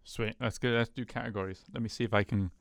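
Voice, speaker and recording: A man's voice: on the low side, fairly even intonation, quick pace, gravelly, no room sound. A man co-hosting a podcast in casual chat, eager and upbeat. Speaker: podcast co-host.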